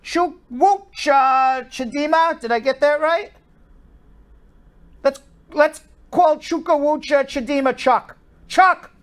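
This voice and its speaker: A woman's voice: sits high, slow pace. Upbeat woman co-hosting a live stream. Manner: upbeat, calls out viewers' names, explains legal rules at length. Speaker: co-host. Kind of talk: live-stream show, reading viewer names and answering questions.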